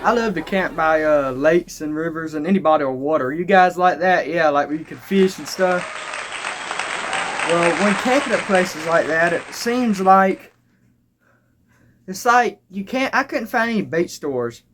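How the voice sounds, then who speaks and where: Young man, stand-up comedian, rambling, halting restarts, slightly high voice, noisy crowd laughing. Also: expressive, fairly bright tone. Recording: live crowd laughter and noise. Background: audience laughing.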